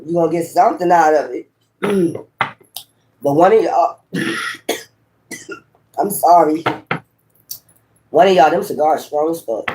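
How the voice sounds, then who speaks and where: A man with a high voice gives a loose, profane spiritual reading. He speaks straight to his viewers with emphasis and keeps tossing in "right?" and "okay?" as he goes. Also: slow pace, pauses often, a little mellow, slight background noise. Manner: frequent rhetorical tag questions. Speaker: tarot reader.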